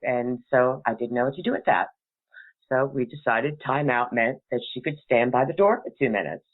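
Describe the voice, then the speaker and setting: A woman's voice: extremely low pitch, expressive, normal speed. A middle-aged woman hosting a call-in talk show, telling a family story in a chatty way and laughing between sentences. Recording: tinny phone-like sound.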